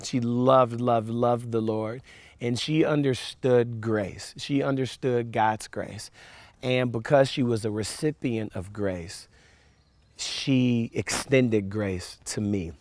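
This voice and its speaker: A man giving a storytelling sermon to young listeners, animated with fillers and repeats, dropping soft and quiet for reflection. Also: medium pitch, takes it slowly, no room sound. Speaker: camp speaker.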